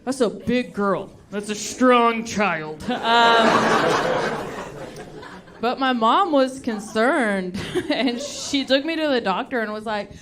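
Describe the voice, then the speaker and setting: A woman from Texas doing a stand-up comedy set on a club stage into a handheld mic, deadpan and laughing between jokes. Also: a little high, takes it slowly, very noisy. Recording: live club with loud crowd laughter.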